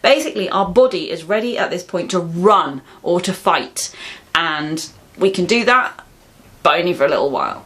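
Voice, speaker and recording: A woman explaining calmly and reassuringly how to support someone through a panic attack. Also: lowish voice, moderate pace. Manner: calm, reassuring, practical. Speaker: mental health educator. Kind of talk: explaining advice to camera.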